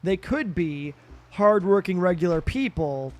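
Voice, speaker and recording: A man's voice: sits high, animated, a little slow. A tired, sleepy man streaming a game late at night, rambling in casual chat with lots of fillers and restarts that trail off.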